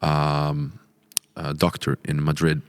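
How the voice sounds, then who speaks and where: Latvian accented guy hosting, really deep monotone, smooth, kinda halting. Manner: hesitant, halting speech. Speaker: podcast host. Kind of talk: casual interview chat.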